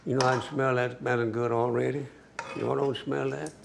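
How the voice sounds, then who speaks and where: A man's voice: mid-range voice, level tone, a little fast, creaky, very noisy. A man giving a cooking demonstration as a home cook, folksy and chatty, talking straight to the viewer.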